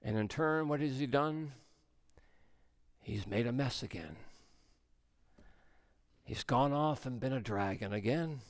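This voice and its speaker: A male pastor preaching a sermon, swinging between soft, low passages and raised, emphatic ones. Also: unhurried, pauses often.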